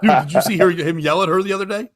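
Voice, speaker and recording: A man's voice: high-pitched, fast talker. A man hosting a casual comedy talk show, joking crudely and laughing often. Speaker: host. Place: live-streamed show.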